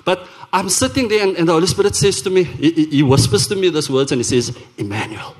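A South African man telling his testimony from the pulpit, his voice sitting a little high for a man. He tells it as an earnest, animated story, often stumbling and restarting his sentences as he goes. It has the feel of a church service. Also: fast. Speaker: worship leader giving a testimony. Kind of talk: sermon testimony told as a story.

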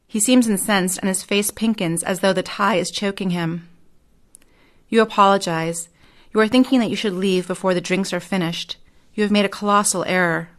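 A woman novelist giving a measured reading of her own second-person fiction. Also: medium pitch, fairly even intonation. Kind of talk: literary reading.

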